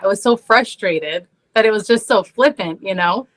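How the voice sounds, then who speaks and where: A woman's voice: medium pitch, moderate pace, a bit bright, poor audio. A woman in her thirties, a podcast guest, telling a story in casual conversation, saying "like" often and laughing at herself.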